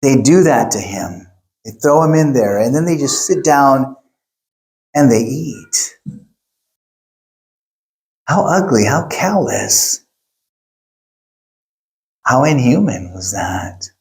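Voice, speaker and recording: A middle-aged male pastor preaching a sermon, telling stories in an animated way and acting out quotes. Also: medium pitch, slow pace, long pauses. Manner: animated storytelling, acts out quotes. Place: church.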